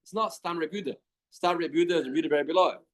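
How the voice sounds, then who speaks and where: A man's voice: fairly high pitch, rapid-fire. A man teaching a Talmud class in a study hall, reading out the text and then explaining it plainly with many questions.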